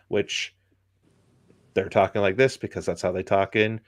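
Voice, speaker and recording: A man's voice: sits low, little pitch movement, moderate pace, dry recording, clean studio sound. A man in casual chat, giving an opinionated critique full of ums and likes. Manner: rambling, many ums and likes.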